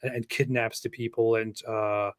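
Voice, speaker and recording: A man's voice: lowish voice, flat delivery, unhurried, clear, resonant tone. A man with a German accent explaining a legal definition point by point in a casual online discussion. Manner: explanatory, walking through a chart. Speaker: co-host.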